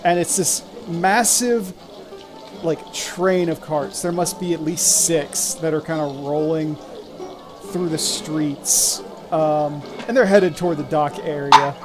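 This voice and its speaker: A game master narrating a tabletop game in a relaxed, halting way with many fillers. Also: medium pitch, over music, poor audio.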